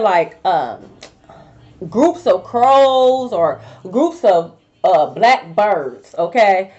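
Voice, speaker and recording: A woman's voice: medium pitch, expressive, unhurried, darkish tone. A young woman giving a casual tarot reading to her viewers, blunt and profane, full of slang. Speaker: tarot reader. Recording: dull lo-fi recording.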